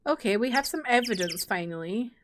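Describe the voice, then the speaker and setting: A woman's voice: on the high side, animated, a little fast, background noise. A woman streamer making casual, giggly asides while playing a game. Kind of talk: let's play commentary. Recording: game music under voice. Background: game music.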